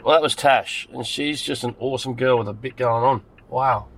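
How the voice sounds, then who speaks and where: A man's voice: mid-range voice, normal speed, slight background noise. An Australian man hosting a podcast while driving a rideshare car, chatting in an upbeat, chummy way with his passengers. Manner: upbeat, chummy, calls riders mate and darling. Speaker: rideshare driver and podcast host. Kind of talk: casual chat.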